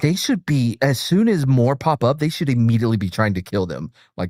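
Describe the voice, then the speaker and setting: A man's voice: medium pitch, sing-song, a little fast, few pauses, darkish tone, no room sound, studio quality. A man hosting a casual late-night chat, loose and profane, joking with his co-hosts. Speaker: host.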